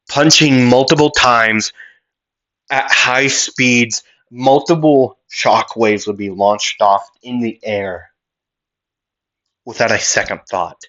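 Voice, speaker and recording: A man's voice: mid-range voice, takes it slowly, a bit bright, dull audio. A man improvising a fan story aloud, rambling with many fillers and restarts.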